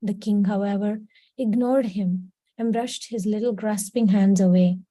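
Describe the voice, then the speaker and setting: Woman storyteller for a class reading; dark, warm tone, dry close sound. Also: mid-range voice, steady tone, unhurried, no room sound, poor audio. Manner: reads steadily, slips into brief quoted voices. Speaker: class reader. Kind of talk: storybook read-aloud with character voices.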